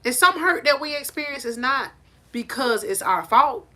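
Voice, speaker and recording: Emphatic, bright-voiced woman coach. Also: high-pitched, expressive, moderate pace. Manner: preachy, emphatic, repeats "I said it". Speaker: life coach. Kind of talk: motivational talk to camera. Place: on a porch outdoors. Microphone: phone held in hand.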